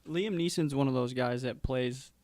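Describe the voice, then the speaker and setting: A man's voice: medium pitch, normal speed, a little mellow, no echo. A man co-hosting a casual podcast, easygoing and agreeable. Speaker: podcast co-host. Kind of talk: casual chat.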